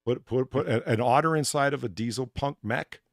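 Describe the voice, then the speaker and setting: A man hosting a casual chat, animated and laughing, with frequent restarts. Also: mid-range voice, a little fast, vocal fry, dry recording, studio quality. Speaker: host.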